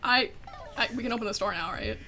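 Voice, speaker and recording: A woman's voice: fairly high pitch, fast talker, bright, forceful tone, soft background music. A woman streaming a game, chatting casually and swearing in frustration at her crashing computer.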